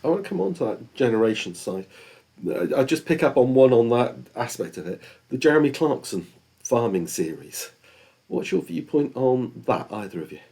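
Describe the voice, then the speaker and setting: A man's voice: mid-range voice, big pitch swings, normal speed, gravelly, warm tone, husky. A man hosting a business podcast, asking conversational, probing interview questions.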